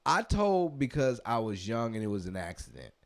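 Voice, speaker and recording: A man's voice: mid-range voice, big pitch swings, moderate pace. A man co-hosting a podcast in casual chat, laid-back and rambling, swearing now and then. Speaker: podcast co-host.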